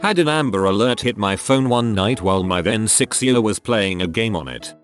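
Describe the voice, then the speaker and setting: A low-voiced man narrating online stories in a lively, up-and-down delivery. He reads the text very literally, even where it sounds odd. Faint music plays underneath. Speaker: narrator reading online posts. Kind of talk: scripted narration.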